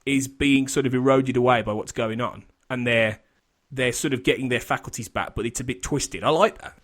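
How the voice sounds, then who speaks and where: Brief: male podcast host, mid-pitched, loose, rambling chat full of restarts and laughs. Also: a little fast, fairly bright tone. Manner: rambling, self-interrupting, laughs often.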